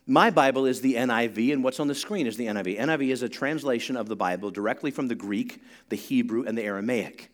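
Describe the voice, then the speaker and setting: A pastor preaching to his congregation, moving from conversational teaching into loud, rising emphasis and leading call-and-response. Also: mid-range voice, normal speed. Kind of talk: sermon.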